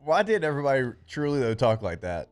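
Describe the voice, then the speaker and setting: A man's voice: medium pitch, very animated, fast talker. A man co-hosting sports talk radio, mostly reacting with short agreements and teasing. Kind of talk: casual sports radio banter.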